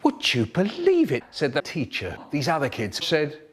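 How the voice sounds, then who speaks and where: A man with a voice on the high side and a breathy edge speaks at a normal speed. An animated storyteller, he recounts comic childhood stories in a remixed format, mimicking the voices of the people in them.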